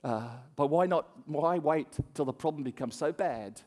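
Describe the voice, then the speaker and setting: A pastor preaches a sermon built around an animated story, acting out voices and laughing often. His voice is on the high side, a little slow with few pauses, and long hall reverb surrounds it.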